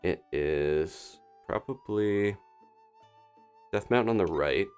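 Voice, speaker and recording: A man casually commentating his own gameplay on a live stream, chatting and thinking aloud with quick little laughs. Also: low-pitched, a little mellow, soft background music. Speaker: gaming streamer.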